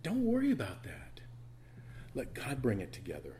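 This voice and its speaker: A middle-aged man preaching a sermon as pastor, conversational with personal asides, swinging between loud emphasis and quiet, intimate moments. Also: fairly low pitch, wildly swooping pitch, normal speed, slight background noise.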